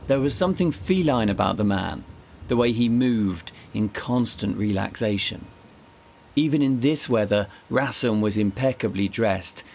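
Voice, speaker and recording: A man tells a historical mystery in dramatic, scripted narration. His voice sits fairly low and carries suspense. A faint layer of noise runs underneath. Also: a little mellow. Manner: suspenseful, vivid storytelling. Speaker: storyteller and narrator.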